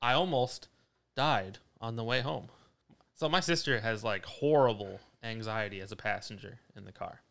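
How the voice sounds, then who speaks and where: Brief: young male podcast co-host, clear voice, animated and swearing a lot in casual chat. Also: lowish voice, normal speed. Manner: profane, animated storyteller.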